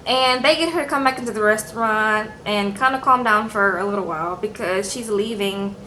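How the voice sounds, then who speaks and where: A woman's voice: mid-range voice, a little fast, pushed and bright, slight background noise. A young woman chatting casually to her viewers as she recaps a TV episode, often checking in with "okay?". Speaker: TV show reviewer. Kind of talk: casual chat.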